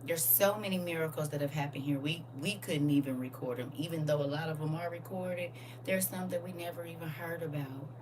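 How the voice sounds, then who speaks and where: A woman who founded a school, speaking to a live audience, moving from hushed talk to emotional shouts and close to tears. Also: low voice, fairly even intonation, brisk, noisy background. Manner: emphatic, swinging from hushed to shouting. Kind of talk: live testimony address to an audience.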